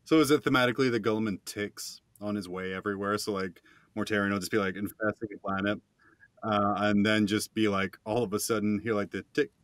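A man's voice: fairly low pitch, fairly even intonation, a little fast, fairly bright tone, dry recording. A man co-hosting a casual podcast, joking around and quizzing his co-host in a playful way. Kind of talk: casual chat.

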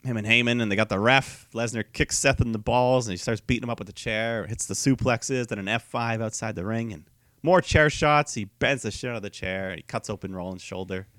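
A man with a fairly low voice recaps wrestling in loose, casual podcast chat. He laughs a lot, swears freely and lets his sentences trail off. The sound is dry and close. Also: a little fast, a bit bright, no echo. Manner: laid-back, laughs often, swears, trails off. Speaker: podcast co-host.

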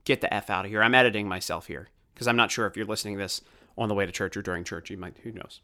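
A man's voice: fairly low pitch, steady tone, rapid-fire, pushed and bright. A man from Baltimore hosting a podcast, ranting in heated, sarcastic political commentary. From Baltimore, USA. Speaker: podcast host.

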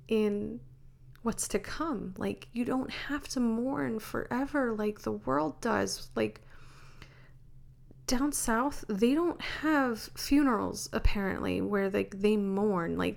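Earnest woman from New York, gravelly tone, preachy testimony, podcast mic. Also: a little high. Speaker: podcast co-host. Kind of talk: casual faith chat. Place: sitting on a bench. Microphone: studio microphone.

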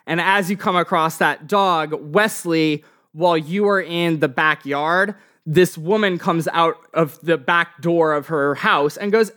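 A man's voice: on the high side, pushed and bright. Casual male game master narrating. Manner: casual, halting with fillers.

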